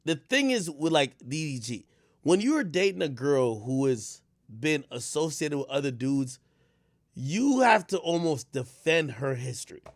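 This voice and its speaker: A man streaming and rambling on in casual commentary, his pitch jumping all over as he goes from low mutters to loud bursts. He restarts his sentences often with stammered fillers. The sound is dry and close. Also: unhurried, dry recording. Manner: rambling, animated, swings from low mutters to shouts. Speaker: streamer host.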